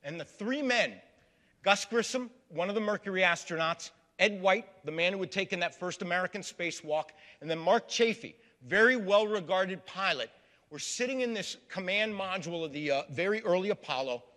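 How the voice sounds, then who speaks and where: Bright-voiced male lecturer in an echoing hall. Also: high voice, expressive, normal speed. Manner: storytelling, repeatedly addresses the audience as folks. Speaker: history lecturer. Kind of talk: public lecture. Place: historic building lecture room with a live audience. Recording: long reverb of a large hall.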